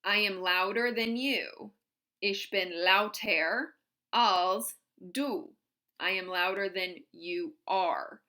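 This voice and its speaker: A woman teaching a grammar lesson, walking through one example after another in a patient way. Her voice is bright and forward, and she speaks at an unhurried, deliberate pace. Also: mid-range voice. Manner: patient, explains step by step with examples. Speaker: German teacher.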